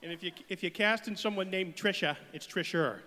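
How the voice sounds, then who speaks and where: A male comic riffs through dark jokes in a quick back-and-forth, slipping into put-on voices. His voice sits high, and the sound carries the long tail of a big hall. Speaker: comedian. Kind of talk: stand-up comedy duo banter. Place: stage in a reverberant hall.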